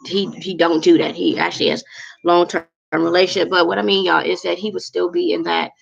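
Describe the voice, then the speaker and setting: A woman with a very gravelly, fry-heavy voice on the lower side talks to her viewers as y'all, giving heartfelt, preachy advice in a casual motivational stream. The sound is dull and lo-fi. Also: level tone, brisk. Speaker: livestream host. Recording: dull lo-fi recording.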